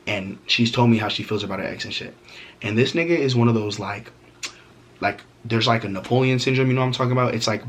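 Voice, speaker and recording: A man's voice: lowish voice, a bit bright, slight background noise. A young man vlogging a storytime, talking casually with heavy slang, swearing and fillers.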